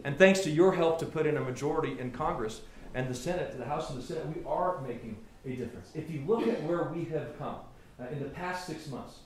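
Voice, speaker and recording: A man, a senator, giving a political speech to a small gathering and telling stories, often restarting and repeating words as he goes. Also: fairly high pitch. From Colorado. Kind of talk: political stump speech with anecdotes. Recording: very echoey room with faint ambient noise.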